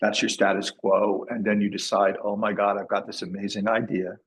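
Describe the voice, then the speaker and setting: Low-voiced man giving a lecture. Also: flat delivery, a little fast, low-quality recording. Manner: casual, repeats words and restarts phrases. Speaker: masterclass lecturer. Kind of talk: classroom lecture.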